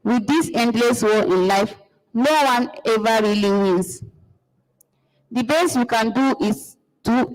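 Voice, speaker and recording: Brief: woman reading as an aging father with a painful secret, high voice, long reverb. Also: close to an everyday voice. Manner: measured, proverb-laden.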